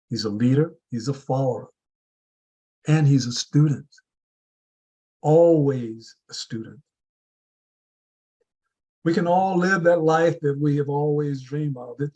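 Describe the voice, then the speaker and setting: A man giving a deliberate motivational speech to a club audience, building his points with repeated rhetorical questions. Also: medium pitch, a little mellow, breathy edge, low-quality recording. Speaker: club speaker.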